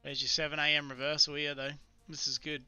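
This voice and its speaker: A man's voice: fairly high pitch, level tone, brisk, pushed and bright, smooth, no echo, lo-fi sound, faint music behind. A man chatting casually through a live trading stream, muttering to himself about his charts. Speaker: live-streaming futures trader.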